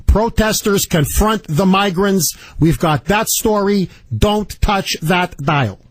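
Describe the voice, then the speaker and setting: A man hosting a talk radio show, telling stories in an animated, indignant way and taking calls. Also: high-pitched, takes it slowly, dry recording. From Canada. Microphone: studio microphone.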